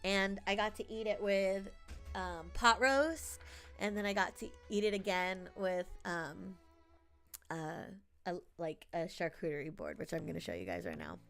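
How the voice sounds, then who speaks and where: Woman streamer, chatty and giggly, talking to her live chat over quiet background music. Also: lowish voice, measured pace, creaky. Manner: chatty, laughs often, thanks chat by name.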